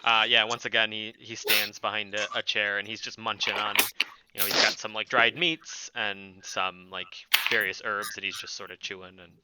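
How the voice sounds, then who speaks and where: A man's voice: lowish voice, level tone, normal speed, heavy background noise. A man playing in a tabletop game, narrating his character in a joking, casual way. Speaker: player.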